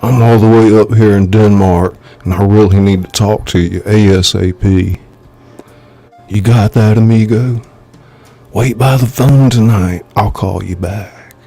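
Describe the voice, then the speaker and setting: A man's voice: mid-range voice, lively intonation, slow, long pauses, warm tone, breathy edge, faint music behind, pitched above the performer's own voice, full character voice. A man voicing an impatient, brash friend snapping over the phone. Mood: irritated. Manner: irritated, brash. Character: impatient tough-talking male friend.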